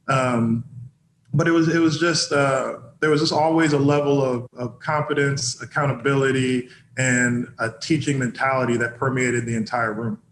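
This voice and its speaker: Man, former player, casual storytelling, laughs often, gravelly, echoey room. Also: mid-range voice, fairly even intonation, normal speed, a bit bright, a little hiss or hum. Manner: laughs often while telling anecdotes. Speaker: former football player, guest.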